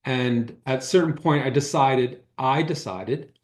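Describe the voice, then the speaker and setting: A man's voice: a little high, expressive, unhurried. Man giving a spiritual talk, roomy sound. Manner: conversational storyteller who acts out quoted dialogue. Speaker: holistic healer giving a talk. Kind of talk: spiritual talk told through personal stories. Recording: roomy echo.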